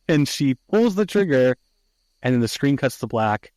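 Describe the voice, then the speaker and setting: A man's voice: medium pitch, sing-song, unhurried, darkish tone, dry recording. A man hosting a podcast who casually recaps a movie plot, swearing freely and using lots of fillers. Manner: casual, profane, many fillers. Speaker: podcast host.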